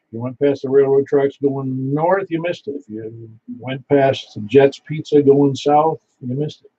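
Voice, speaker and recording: A man runs an amateur radio net, giving announcements in a folksy, rambling way and repeating details back to confirm them. His voice is mellow and dark. The sound is a little dull, with a faint hiss under it. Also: mid-range voice.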